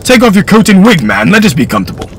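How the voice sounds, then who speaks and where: A pompous, gluttonous old lord with gout, as a man reads him aloud, sly and self-satisfied. His lines swing widely in pitch against a faint background hum. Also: very animated, fast, fairly bright tone. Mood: jovial. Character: fat old gouty lord, indulgent and sly.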